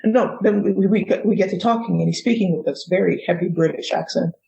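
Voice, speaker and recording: A woman from the United States, a guest author telling a personal story in a lively way and laughing often. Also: lowish voice, a little fast, gravelly, lo-fi sound. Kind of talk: casual storytelling.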